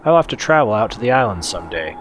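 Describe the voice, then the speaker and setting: Joking, low-voiced man playing a game. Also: big pitch swings, quick pace, slight background noise. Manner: chatty, joking, mild swearing. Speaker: let's play host. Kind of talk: casual gameplay commentary.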